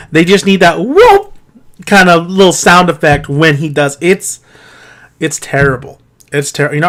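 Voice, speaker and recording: A man giving an exasperated, profane film-review rant, firing off incredulous rhetorical questions and laughing between points. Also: high voice. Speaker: movie reviewer.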